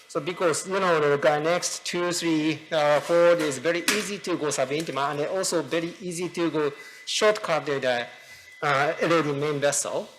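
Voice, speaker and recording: Halting Japanese-accented man, higher pitch. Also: fairly bright tone, a little hiss or hum, low-quality recording. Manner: halting, many fillers and restarts. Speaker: cardiologist performing a live procedure. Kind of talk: live case explanation at a conference.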